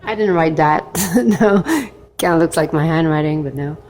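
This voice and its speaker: Her voice is low and darkish, moving at normal speed, as she vlogs while ill from a hostel kitchen and common room. The chat is casual and rambling, dotted with laughing asides.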